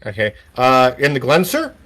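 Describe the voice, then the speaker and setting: A man's voice: mid-range voice, wildly swooping pitch, moderate pace, a bit bright. A man narrating scenes and calling for rolls as game master of a tabletop role-playing game.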